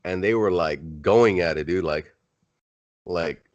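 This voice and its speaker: Brief: man, very low voice, laid-back podcast talker, profane, muffled lo-fi sound. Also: slow pace. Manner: laid-back, swears freely. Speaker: podcast co-host. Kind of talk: casual chat. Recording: dull lo-fi sound.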